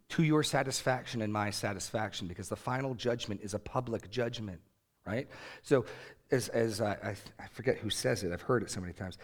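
A man in his thirties preaching a sermon in an earnest, conversational way, rising emphatically on key points. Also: lowish voice. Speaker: pastor.

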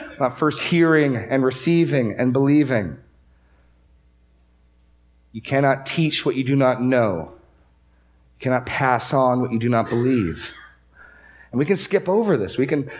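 A man's voice: medium pitch, darkish tone. A man preaching a sermon to a congregation in a church, speaking emphatically and repeating key phrases for stress. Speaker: pastor.

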